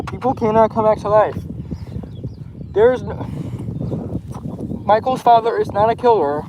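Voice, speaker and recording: A man's voice: sits high, noisy background. A man streaming casually and answering his chat in character, rambling and defensive with lots of stumbling restarts.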